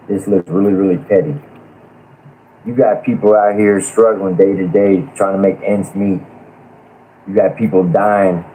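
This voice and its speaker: A man's voice: on the low side, warm tone, a little hiss or hum, rough recording. A man lecturing a live-stream panel in a blunt, profane rant about a community feud.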